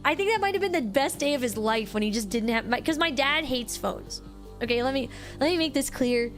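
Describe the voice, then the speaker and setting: A young woman streamer telling a story to her chat in a casual, animated way, restarting sentences often. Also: high-pitched, a little fast, soft background music. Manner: animated, excitable, lots of restarts and "like".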